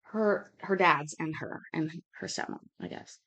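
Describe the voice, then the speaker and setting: A woman's voice: low voice, unhurried, a bit bright, highs cut off. A woman in her thirties hosting a cooking vlog, chatting casually and rambling between topics, with the odd swear word. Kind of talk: casual chat while cooking.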